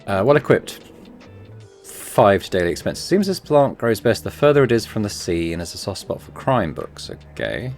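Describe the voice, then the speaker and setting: Laid-back gravelly man playing a game. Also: low voice, big pitch swings, a little fast, faint music behind. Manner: laid-back, muttering to himself while deciding. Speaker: gaming channel host. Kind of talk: relaxed gameplay commentary.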